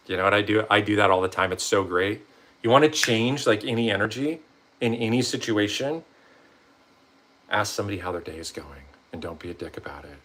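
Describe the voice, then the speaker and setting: A man's voice: lowish voice, moderate pace, a little hiss or hum. A man vlogging a rambling, casual motivational monologue, swearing often and acting out quotes in different voices. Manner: swearing, rambling, animated quoting of himself and others.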